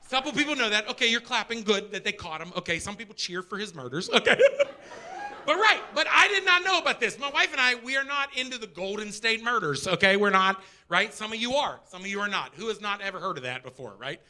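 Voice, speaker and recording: Stand-up comic, middle-aged man, high lively voice, bright and sharp, energetic and profane. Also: fast talker. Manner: energetic, profane, swings from loud to muttered asides. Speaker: stand-up comedian. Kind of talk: stand-up comedy set. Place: theater stage before a live audience.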